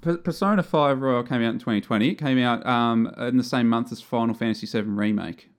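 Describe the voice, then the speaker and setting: A man's voice: mid-range voice, fast talker. A man chatting in an easygoing, jokey way. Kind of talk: casual chat.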